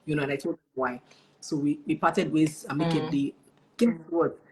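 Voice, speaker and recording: A woman with a Nigerian accent, a guest telling a story in an interview, animated and quoting what people said with lively exclamations. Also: sits low, normal speed. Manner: animated storyteller who quotes dialogue with exclamations.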